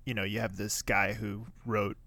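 A man co-hosting a podcast, giving episode details and wry, relaxed commentary. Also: lowish voice, moderate pace. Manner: relaxed, wry, reads episode credits and ratings. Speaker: podcast co-host. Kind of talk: casual chat recapping a TV episode.

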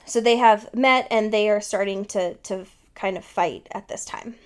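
A woman's voice: mid-range voice, normal speed, smooth. A woman podcast host who chats casually, jokes and laughs often, and reads fan fiction aloud. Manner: joking, laughs often, many fillers. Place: Seattle.

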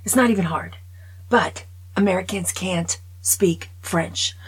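A woman's voice: lowish voice, a little slow, slightly rough, rough recording. A woman chatting casually in her own video movie review, opinionated and dropping often into whispers.

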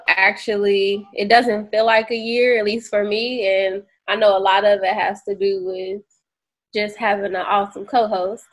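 A woman co-hosting a podcast, chatting loosely and thinking out loud with many fillers. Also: medium pitch. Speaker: podcast co-host. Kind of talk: casual podcast chat.

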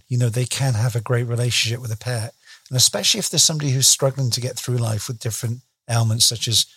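A man's voice: mid-range voice, a bit bright, breathy edge, dry recording, studio quality. A British man hosting an interview podcast, chatty and enthusiastic, rambling a little as he asks questions. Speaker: podcast host. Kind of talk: casual interview chat.

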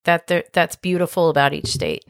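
A woman's voice: deep voice, a little fast, dry recording, studio quality. A woman co-hosting a podcast with her husband, chatting casually with playful mock exasperation. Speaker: podcast co-host. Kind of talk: casual banter.

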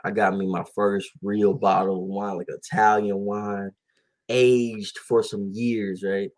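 This is a young man in his twenties, co-hosting a casual podcast. He tells stories in loose slang and laughs easily. His voice sits a little low. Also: little pitch movement, slow pace, a little mellow. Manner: laid-back, laughs often, slangy storytelling. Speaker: podcast co-host. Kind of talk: casual chat.

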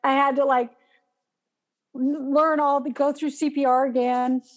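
Woman with a high voice telling a story, really animated, does little gasps and breathy bits. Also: measured pace. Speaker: guest telling a personal story. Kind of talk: casual storytelling.

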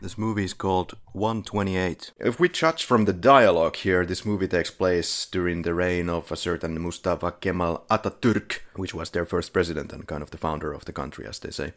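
A man's voice: deep voice, a little fast, hardly any pauses, fairly bright tone. A man co-hosting a podcast, reviewing short films in casual chat with dry sarcasm and frequent chuckles. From Finland. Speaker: podcast co-host.

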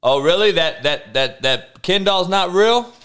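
A man's voice: high-pitched, expressive, measured pace, fairly bright tone, clean tone. A young man hosting a livestream, ranting loosely in slangy, profane casual talk and answering viewers. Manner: loose slangy rants with swearing and laughs. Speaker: livestream host.

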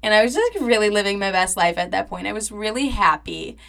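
Bright-voiced young woman telling a dramatic story. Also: medium pitch, expressive, fast talker, creaky. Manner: chatty and dramatic, heavy with "like" and swearing. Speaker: podcast host. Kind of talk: casual storytelling monologue.

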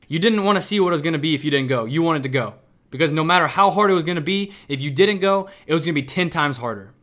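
A man's voice: fairly high pitch, fairly bright tone. A young man from Kansas City hosting a motivational solo podcast, talking emphatically and repeating himself, often adding "right?". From Kansas City, Missouri. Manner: emphatic and repetitive, with frequent "right?". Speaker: podcast host.

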